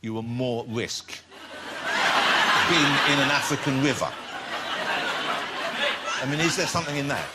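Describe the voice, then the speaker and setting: A man's voice: mid-range voice, a little slow, pauses often, very noisy. A man hosting a talk show, interviewing a guest in a playful, teasing way. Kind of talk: casual chat. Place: TV studio with audience.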